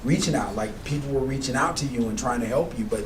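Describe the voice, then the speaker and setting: A man's voice: mid-range voice, fast. Conversational man hosting an interview. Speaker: talk show host. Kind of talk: casual interview chat. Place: radio studio. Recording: distant mic with noticeable background noise.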